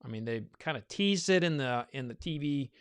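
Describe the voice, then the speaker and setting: A man talks casually and rambles with plenty of fillers, a little winded from all the talking. His voice is smooth and clear at a middling pitch. The sound is dry and close, with no room echo. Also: expressive, a little fast. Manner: rambling, loose, thinking aloud with many fillers. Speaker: bourbon reviewer hosting a blind tasting. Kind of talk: casual live tasting chat.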